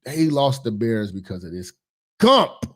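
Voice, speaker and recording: Heated profane man ranting, lively pitch. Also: measured pace. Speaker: commentary host. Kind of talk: ranting commentary.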